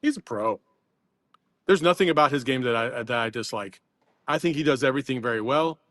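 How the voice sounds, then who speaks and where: A man serving as a guest analyst on a postgame show talks basketball in a loose, rambling way, laughing often and using plenty of fillers. His voice is medium-pitched, expressive, and brisk, with a fairly bright tone, in a dry recording.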